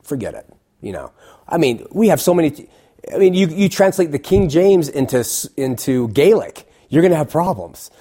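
Middle-aged man, mellow husky voice, preachy and blunt, interview guest. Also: fairly high pitch, very animated, normal speed. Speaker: call-in show host, interview guest. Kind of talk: casual interview talk.

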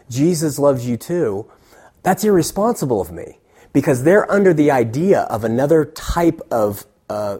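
A man's voice: medium pitch, darkish tone, slightly rough. A middle-aged man who hosts a call-in show, talking bluntly and emphatically as an interview guest. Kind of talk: casual interview talk.

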